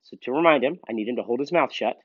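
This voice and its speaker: A man training a gun dog and explaining each step casually, breaking off for sharp commands to the dog. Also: medium pitch, very fast, dry recording, lo-fi sound. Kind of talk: hands-on training demonstration.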